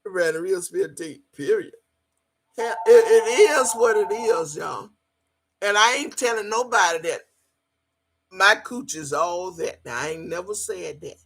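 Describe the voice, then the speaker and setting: A woman's voice: on the low side, lively intonation, unhurried, fairly bright tone, slight background noise. A woman hosting a livestream, talking brashly and profanely, boasting and laughing often as she greets her chat. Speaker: livestream host.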